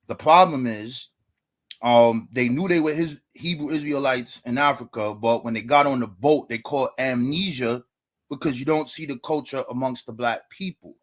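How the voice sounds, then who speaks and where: A man's voice: medium pitch, normal speed. A man giving a debate opening statement, lecturing and asking rhetorical questions.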